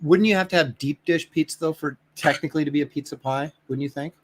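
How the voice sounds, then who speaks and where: A middle-aged man hosts a relaxed livestream, tossing off wry jokes. He talks quickly, in a voice a bit higher than most men's. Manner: joking, wry. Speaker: host. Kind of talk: casual livestream chat.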